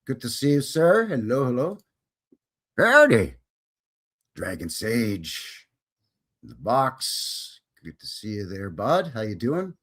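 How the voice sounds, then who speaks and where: Lively man hosting a livestream. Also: medium pitch, a little slow. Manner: jokey, upbeat, greets viewers by name. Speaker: host. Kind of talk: casual livestream chat.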